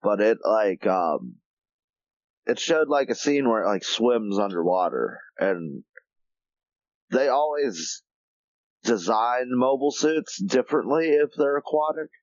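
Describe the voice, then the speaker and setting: A man's voice: mid-range voice, animated, a little slow, dry recording, lo-fi sound. A man co-hosting a podcast, chatting casually, rambling with lots of swearing and filler words. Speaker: podcast co-host. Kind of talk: casual chat.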